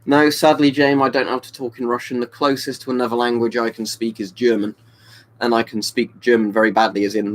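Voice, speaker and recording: A man's voice: mid-range voice, flat delivery, brisk, low-quality recording. A young man from the UK, chatting casually on a live webcam stream and answering viewers by name. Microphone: webcam mic.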